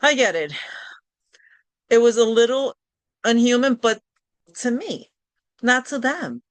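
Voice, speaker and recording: In a dry recording with no echo, a middle-aged woman speaks in a mid-range, fairly bright voice. She's running a live online workshop as a coach, encouraging and conversational, frequently starting sentences over.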